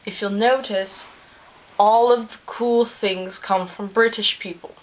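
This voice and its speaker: A woman playing a smug, rambling male scientist character in a fan-made in-character video, talking with plenty of ums and trailing pauses. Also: medium pitch, fairly even intonation, lightly acted.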